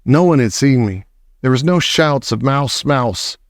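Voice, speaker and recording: Male audiobook narrator, measured, expressive, middle pitch, dry close sound. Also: dry recording. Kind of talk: storybook reading.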